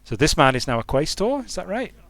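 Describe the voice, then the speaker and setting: A man's voice: fairly high pitch, big pitch swings, a little fast, vocal fry, fairly bright tone. A young man casually commenting on a strategy game he is streaming from home, thinking aloud and often breaking off mid-sentence. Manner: rambling, self-interrupting, thinking aloud. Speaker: game designer streaming gameplay. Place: hot room at home.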